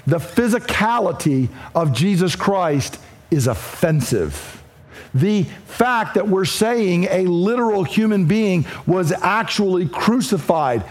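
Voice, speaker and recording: A man preaching an expository sermon, speaking emphatically and repeating his points for stress. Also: sits high. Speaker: pastor.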